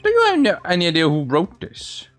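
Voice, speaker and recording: A man's voice: sits high, huge pitch swings, quick pace, fairly bright tone. A man hosting a let's play, reading the game's dialogue aloud with small slips and restarts, over faint game music.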